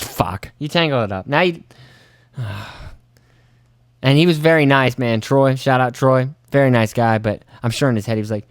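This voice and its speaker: A young man hosting his own podcast, telling rambling, profane stories and acting out his own panicked reactions in jumps to a high voice. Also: moderate pace, smooth, no room sound, clean studio sound. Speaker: podcast host. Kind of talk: casual solo storytelling.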